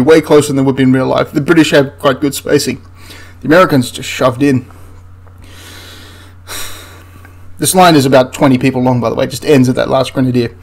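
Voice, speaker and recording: A man's voice: medium pitch, steady tone, a little fast, long pauses. A man giving casual commentary over film clips as a history commentator, sarcastic and exasperated, laughing in disbelief.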